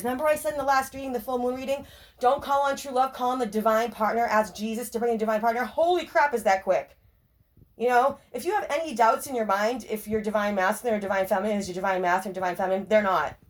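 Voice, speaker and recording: A woman giving a casual tarot reading to her viewers, talking in an excitable, rambling way full of asides and apologies. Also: fairly high pitch. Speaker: tarot reader. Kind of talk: casual spiritual reading to camera.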